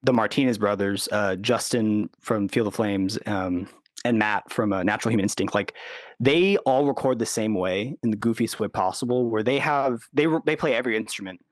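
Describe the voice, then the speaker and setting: A man's voice: lowish voice, moderate pace, no echo, studio quality. Chatty man, rambling podcast guest. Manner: rambling, full of "like" and "you know", acts out quotes. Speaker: recording engineer and producer, guest. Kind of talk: casual interview talk.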